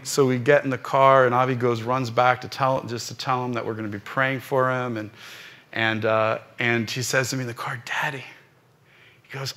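A man preaching as a rabbi and pastor, telling a personal story during a live church service with animated, rising peaks. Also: mid-range voice.

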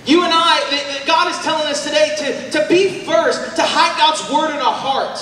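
Male youth preacher, high and forceful, heard from far off in a booming reverberant hall. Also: moderate pace. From Oklahoma, USA. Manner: energetic, shouting, calls for response from the crowd. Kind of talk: sermon. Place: large church hall.

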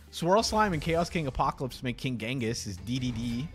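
A man casually commentating card game replays, excitable and quick to burst into laughter. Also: mid-range voice. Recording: faint background music.

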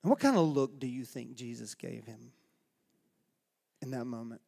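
A man's voice: medium pitch, expressive, moderate pace, creaky, warm tone. A male pastor preaching a sermon in a church, telling a story in a dramatic, folksy way. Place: church sanctuary. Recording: long reverb of a church hall.

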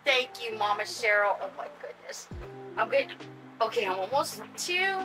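Older woman, excitable unboxing vlogger, high voice, faint music under. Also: normal speed, poor audio. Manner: gushing, excitable, talks to her audience and pets. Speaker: vlogger unboxing reborn dolls. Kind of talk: casual unboxing vlog.

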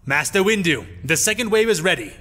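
A man voicing a brisk male clone commander giving a quick military report, in a storybook reading. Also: high voice, lively intonation, bright, forceful tone, heavily acted.

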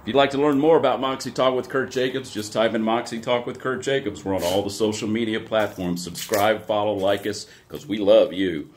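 Guy hosting his show from home, lowish voice, upbeat and chatty, kinda breathless. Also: fairly even intonation, brisk, few pauses, slight background noise. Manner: upbeat and chatty, talking straight to his audience. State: a little out of breath. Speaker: talk show host. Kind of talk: casual video update to viewers. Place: home office.

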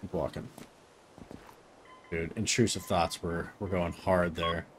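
Profane low-voiced man playing a game. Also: fairly even intonation, takes it slowly, background noise. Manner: rambling, profane, self-deprecating. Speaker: let's play host. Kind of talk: casual gameplay commentary.

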